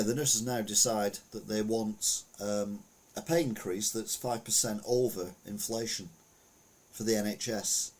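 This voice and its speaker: A man's voice: lowish voice, husky. A middle-aged man giving casual opinion commentary as a podcast host, rambling with lots of fillers and restarts.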